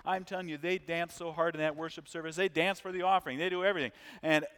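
Middle-aged American preacher in a reverberant hall. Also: male voice, fairly high pitch, quick pace, clean tone. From United States. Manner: conversational, animated storyteller who asks the congregation questions. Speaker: visiting missions preacher. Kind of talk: sermon with storytelling. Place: church sanctuary. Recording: long reverb of a large church hall.

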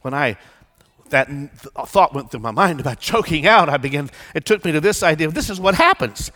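A man preaching a sermon as pastor, swinging from hushed pleading to loud declaration. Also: on the high side, big pitch swings, brisk. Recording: long church reverb.

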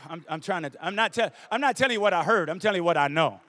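A man's voice: high voice, expressive, fast talker, fairly bright tone. A middle-aged man, a bishop preaching a sermon, who weaves scripture with a personal story and drives his points home through rhythmic repetition.

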